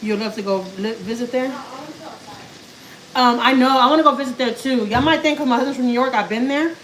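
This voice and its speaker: This Houston, Texas vlogger has a fairly high, slightly bright voice and talks fairly quickly, heard through a rough recording. She's live streaming from her home kitchen, cooking while she chats casually with viewers, answers their comments, and speaks to her pet.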